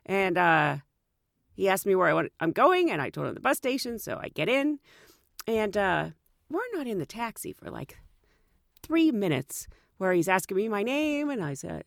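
A woman who works as a flight attendant, telling a story in a chatty, animated way with frequent fillers. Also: mid-range voice, moderate pace, creaky, no room sound, clean studio sound. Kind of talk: casual storytelling.

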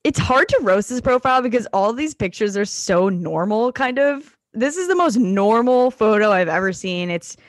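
A woman's voice: a little high, expressive, normal speed, hardly any pauses, no room sound. A young woman co-hosting a podcast, teasing bluntly in casual chat. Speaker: podcast co-host.

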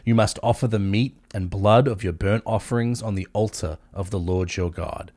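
A man giving a measured, steady scripture reading. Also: on the low side, no echo, studio quality. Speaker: Bible reader.

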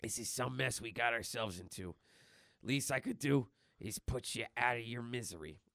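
A man putting on the voice of a gruff, grizzled male mutant brawler while retelling a comic. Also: medium pitch, expressive, normal speed, a bit bright, no echo, clean studio sound.

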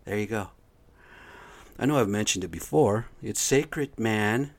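A man's voice: on the low side, expressive, a little slow, no echo. A man talking to listeners in a rambling, profane, agitated monologue. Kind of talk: ranting casual monologue.

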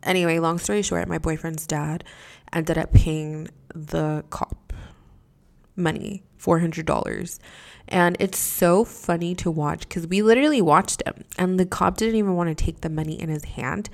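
Gravelly, low-pitched woman telling a story. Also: steady tone, normal speed. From Mexico. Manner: profane, exasperated, rambling with many fillers. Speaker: podcast host. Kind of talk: casual storytelling.

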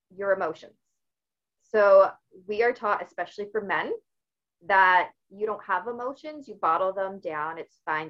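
A woman who is an author and fitness expert appears as a guest in a podcast interview, her medium-pitched voice recorded with a muffled sound. She speaks openly and tells personal stories with animation.

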